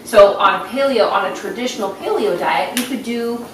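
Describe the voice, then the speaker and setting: A woman's voice: medium pitch, moderate pace, background noise. A woman in a casual group chat, explaining diet rules loosely and with lots of fillers. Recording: very echoey room, distant mic.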